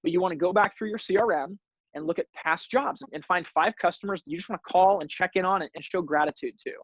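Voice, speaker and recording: Energetic man coaching on sales. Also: sits high, fast talker, dry recording, poor audio. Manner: energetic coaching, repeats words when starting. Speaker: webinar host. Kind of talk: sales training webinar.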